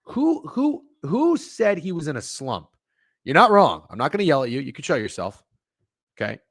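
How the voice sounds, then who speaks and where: A young man hosts a sports betting live stream, swearing casually and answering his chat. His pitch jumps around in a lively way. The sound is dry and close, with no room behind him. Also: fairly quick, no echo. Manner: animated, swearing, talks to chat. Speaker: sports betting show host.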